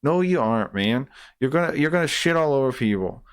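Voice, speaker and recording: Smooth-voiced man in a profane rant. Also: medium pitch, animated, fairly quick. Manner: profane, exasperated ranting; repeats and restarts while worked up. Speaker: streamer reacting to a debate clip. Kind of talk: heated reaction commentary.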